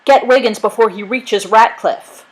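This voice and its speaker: A woman's voice: fairly low pitch, moderate pace, close to an everyday voice, poor audio. A woman reading a storybook aloud, voicing a determined male sailor who talks firmly and commands the others.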